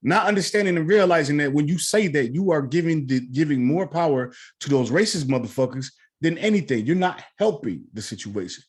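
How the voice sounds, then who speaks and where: A man's voice: a little high, expressive, a little fast, hardly any pauses, breathy edge. A man co-hosting a podcast, speaking in casual chat that is earnest, lecturing and profane.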